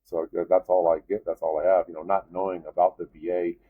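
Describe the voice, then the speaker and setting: A man in his fifties, an Army veteran, telling a story in a casual interview and jumping up in pitch when he is exasperated. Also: fast, husky, phone-quality sound. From United States. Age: 50s. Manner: animated storyteller, voice jumps up in disbelief.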